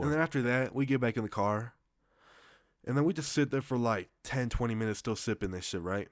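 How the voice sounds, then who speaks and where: A man's voice: medium pitch, fairly quick, dry recording. Young man telling a story, slangy and dry. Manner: loose, slangy, profane, rambling with restarts. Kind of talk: casual storytime.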